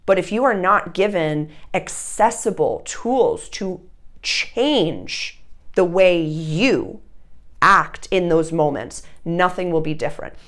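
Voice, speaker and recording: A woman's voice: on the low side, takes it slowly. Earnest rambling woman spiritual coach. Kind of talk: solo talk to viewers.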